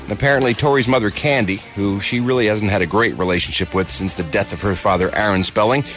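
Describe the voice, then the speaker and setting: A man's voice: on the low side, fast talker, a bit bright. A man reading entertainment news on a radio morning show, with wry, sarcastic asides. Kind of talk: casual radio news banter. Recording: radio broadcast with faint music bed.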